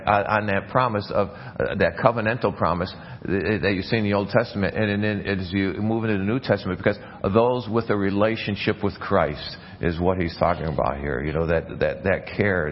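A man's voice: low-pitched, dull audio, a little hiss or hum. A man preaching a sermon as a pastor, earnest, often restarting and repeating words mid-phrase. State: coughing, something in his mouth. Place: church.

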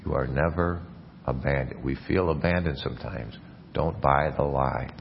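A man's voice: very deep voice, normal speed, creaky, dull audio, slight background noise. A man preaching a sermon as a pastor, earnest, often restarting and repeating words mid-phrase. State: coughing, something in his mouth. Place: church.

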